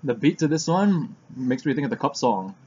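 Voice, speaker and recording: A man's voice: mid-range voice, expressive, normal speed, mellow, dull audio, a little hiss or hum. A man casually commenting on songs as he listens, thinking aloud and sometimes eating while he talks. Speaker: music reaction vlogger.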